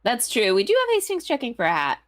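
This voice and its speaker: A woman's voice: a little high, huge pitch swings, fast. A woman casually chatting and joking while playing a video game, giggly and playful. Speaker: game streamer. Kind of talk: casual chat over gameplay.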